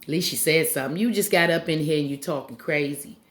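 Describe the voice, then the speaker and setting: A fairly low-pitched woman tearing through a reality TV recap with blunt, animated energy. She swears freely and slips into voices to mimic the people on the show. The talk stays loose and conversational throughout. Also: quick pace. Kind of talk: casual profane show recap.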